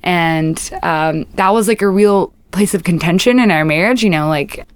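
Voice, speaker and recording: A woman's voice: lowish voice, moderate pace, clear, resonant tone, dry recording. A young woman, a musician being interviewed, talking in a rambling, reflective way with lots of "like". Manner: rambling, heavy use of "like", reflective. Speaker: musician guest. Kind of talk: casual interview chat.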